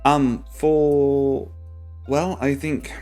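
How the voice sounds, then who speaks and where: A man's voice: mid-range voice, little pitch movement, very slow, a little mellow, soft background music. A man voicing a flustered female librarian, talking in an apologetic, fumbling way. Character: flustered female librarian who works here.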